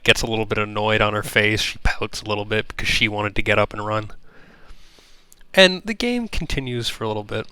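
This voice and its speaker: A man narrating a tabletop game as game master, describing the scene in an unhurried way with plenty of fillers. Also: fairly low pitch, sharp tone, smooth, dry recording.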